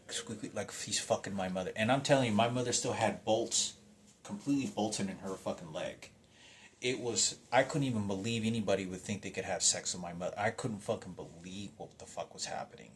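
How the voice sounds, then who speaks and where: A man's voice: lowish voice, a little hiss or hum. A man telling a personal story in a rambling, emotional monologue, restarting sentences and swearing heavily. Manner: agitated, rambling, heavy swearing.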